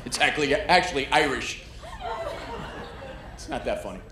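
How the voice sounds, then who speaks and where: Brash New stand-up comic. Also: male voice, medium pitch, normal speed. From New York. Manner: brash, crowd-baiting, works the audience. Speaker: stand-up comedian. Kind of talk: stand-up comedy set. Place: comedy club stage. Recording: echoey club, loud crowd noise.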